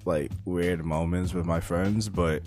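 A young man who makes gaming videos, chatting casually in a soft-spoken, laid-back way with lots of fillers. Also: low-pitched, steady tone, takes it slowly, soft background music. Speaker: gaming YouTuber. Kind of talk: casual chat.

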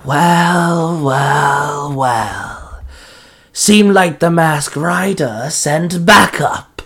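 A sneering, cackling ice spirit, as a male reader puts him on. This menacing storybook villain sounds cold and scornful, with a slightly high voice. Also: very slow, a bit bright, breathy edge, exaggerated voice.

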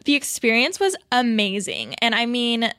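A young woman co-hosting a podcast, retelling her travel stories excitedly with lots of "like" and quoted reactions. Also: a little high, normal speed, dry recording, clean studio sound. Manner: excitable, breathless retelling with many "like"s. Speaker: podcast co-host. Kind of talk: casual chat with ad read.

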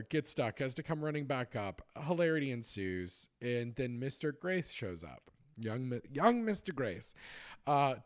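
Man host, chatty recap; rambles, restarts, lots of fillers. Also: mid-range voice. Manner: rambling, with many fillers and restarts, animated when retelling jokes. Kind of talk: casual episode recap.

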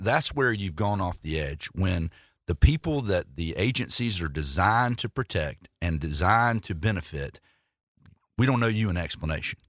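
Lower-voiced Southern panelist, measured. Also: male voice, fairly bright tone, no room sound, studio quality. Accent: Southern American. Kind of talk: talk radio discussion.

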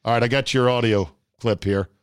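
A man's voice: mid-range voice, steady tone, a little fast, smooth, dry recording. A man hosts a casual sports talk show in a medium, everyday voice. He rambles and pokes fun at himself. The sound is close and dry, with no room in it. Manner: rambling, self-deprecating, chatty.

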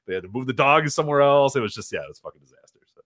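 A man's voice: medium pitch, animated, racing, fairly bright tone, dry recording, clean studio sound. A man co-hosting a podcast in casual chat, rambling with frequent laughs and swearing. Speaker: podcast co-host.

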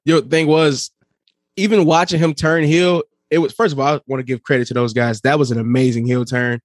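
A man's voice: mid-range voice, a little fast, dry recording, studio quality. A man co-hosting a podcast in casual chat, chiming in with short agreeing remarks. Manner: relaxed, agreeing, brief interjections. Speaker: podcast co-host.

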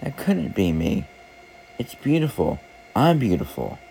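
Guy doing a teacup in a bible story, begging, voice pitched up. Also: sing-song, a little slow, gravelly, dark tone, slight background noise, heavily acted. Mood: amazed. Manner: cries out in distress. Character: talking teacup pleading with its maker.

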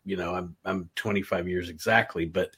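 A man's voice: low-pitched, fairly even intonation, normal speed, gravelly, fairly bright tone, husky. A man on a podcast as guest, chatting casually in rambling, self-correcting asides. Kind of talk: casual chat.

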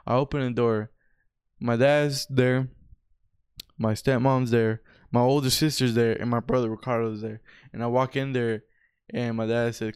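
A young man with a smooth, resonant voice tells stories in a loose, casual way. He swears a lot and keeps saying bro. He sounds laid-back and unhurried. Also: mid-range voice, little pitch movement, a little mellow. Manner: laid-back, profane, says bro often. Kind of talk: casual storytelling chat.

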